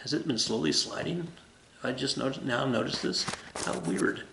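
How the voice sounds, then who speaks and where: A man's voice: mid-range voice, normal speed, vocal fry, noisy background. A man teaching a casual recorded history lesson, rambling and joking as he corrects himself. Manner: rambling, jokey, self-correcting. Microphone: camera. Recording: roomy echo.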